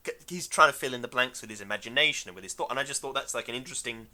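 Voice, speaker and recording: A man's voice: mid-range voice, rapid-fire, pushed and bright. A man co-hosting a podcast, chatting casually about a film in a rambling, hesitant way with many fillers. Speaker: podcast co-host.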